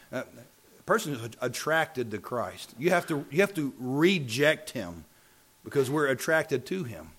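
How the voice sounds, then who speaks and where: A man preaching a sermon. He repeats phrases for emphasis and builds from calm talk to loud, impassioned preaching. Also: mid-range voice.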